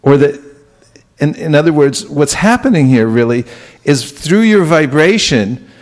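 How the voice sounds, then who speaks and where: A man's voice: mid-range voice, a little mellow. Male spiritual teacher lecturing a live room; conversational, mid-range voice, keeps quizzing the audience. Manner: conversational, questions the audience often.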